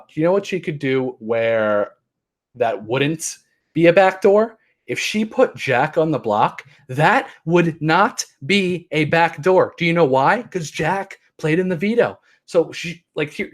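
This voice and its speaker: Man, young adult, podcast host, casual rambling recap, exasperated, handheld mic. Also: on the high side. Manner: rambling, exasperated, mocking impressions.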